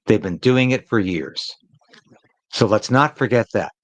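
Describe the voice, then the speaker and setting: A man's voice: on the low side, expressive, a little slow, low-quality recording. Emphatic man hosting live political commentary. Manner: emphatic, repetitive, opinionated.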